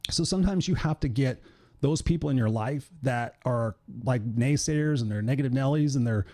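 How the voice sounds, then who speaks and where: A middle-aged podcast host and coach delivers a blunt, profane motivational monologue, telling it like it is. His voice is fairly high-pitched with a dark tone.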